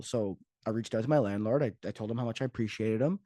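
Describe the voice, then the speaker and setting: A man's voice: lowish voice, fairly even intonation, fast talker, dark tone, dry recording, studio quality. A man hosting his own podcast as a fitness coach, talking casually and joking off the cuff. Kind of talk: casual solo podcast talk.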